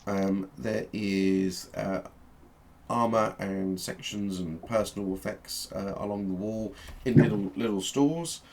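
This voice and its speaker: A man narrating as game master of a tabletop game, with halting delivery and plenty of fillers. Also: lowish voice, a little mellow. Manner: halting, with frequent fillers and restarts.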